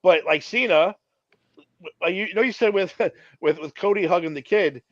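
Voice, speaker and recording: A man's voice: high-pitched, normal speed, fairly bright tone, no echo. A man co-hosting a sports podcast, from Queens, talking bluntly and swearing freely in casual chat. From Queens, New York. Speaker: podcast co-host. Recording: dull dry lo-fi mic.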